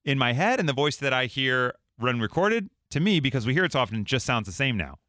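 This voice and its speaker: A bright, chatty man hosting a radio after-show in a studio. His voice swings widely in pitch as he tells stories and laughs along with his co-hosts. The sound is dry and close to the mic. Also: big pitch swings, brisk, dry recording. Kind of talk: casual chat.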